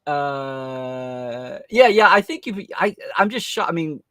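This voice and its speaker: A man's voice: on the high side, expressive, slow, fairly bright tone, no room sound. American male host, dry close sound. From United States. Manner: rambling, restarts and reads viewer comments aloud. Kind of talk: casual live-stream chat.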